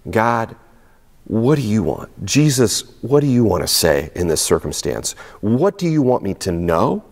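A man preaching a sermon as pastor, talking in a lively, conversational way with frequent fillers and restarts. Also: on the low side. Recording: long hall reverb.

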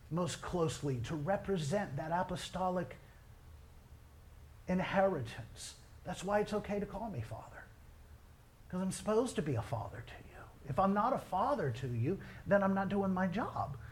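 A middle-aged male pastor preaching a sermon, telling family stories in a lively way. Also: on the high side, slight background noise. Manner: storytelling, animated, quoting others in his own voice.

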